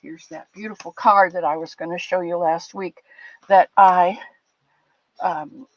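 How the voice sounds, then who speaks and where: A woman's voice: lowish voice, steady tone, a little slow, no echo. Older woman host, affectionate rambling chat, dry lo-fi stream audio. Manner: chatty, affectionate, rambling with restarts. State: a bit teary. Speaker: livestream host. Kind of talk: casual chat with live chat viewers. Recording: dull lo-fi dry sound.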